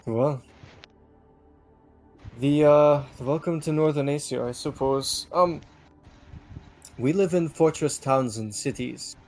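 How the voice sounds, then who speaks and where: A man's voice: fairly high pitch, takes it slowly, long pauses, a little mellow, faint music behind. A man voicing a stern female Viking paladin warrior, speaking bluntly and matter-of-factly in a tabletop game. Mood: plain.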